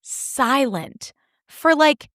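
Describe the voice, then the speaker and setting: A woman's voice: high voice, extremely slow, no room sound, studio quality. Indignant, swearing woman podcast host. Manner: animated, swearing, sarcastic, indignant. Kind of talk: solo reality TV recap podcast.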